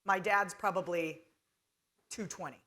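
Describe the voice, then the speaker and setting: Bright-voiced woman moderating a panel. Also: fairly low pitch, measured pace. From North Carolina. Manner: chatty storytelling, with fillers. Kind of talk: conference stage talk.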